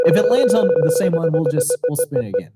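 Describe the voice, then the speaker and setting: A man's voice: fairly high pitch, quick pace, over loud music. A man co-hosting a game segment at a church youth livestream, teasing and joking in casual banter. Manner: teasing, animated, jokey. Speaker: youth event co-host running a game.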